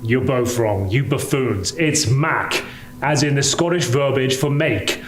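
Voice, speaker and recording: A man's voice: mid-range voice, a little slow, a little hiss or hum. A man playing a pompous, self-important character in a comedy sketch. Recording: roomy echo.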